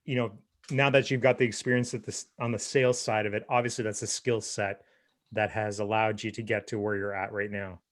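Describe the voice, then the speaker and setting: A man's voice: lowish voice, little pitch movement, brisk. A man co-hosting an interview podcast, easygoing and affirming as he asks questions. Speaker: podcast co-host. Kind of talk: casual interview chat.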